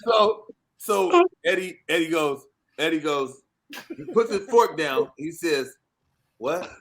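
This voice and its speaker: A man guest on a podcast, telling a lively, profane story and acting out other people's lines. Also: fairly high pitch, a little slow. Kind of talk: animated anecdote on a podcast.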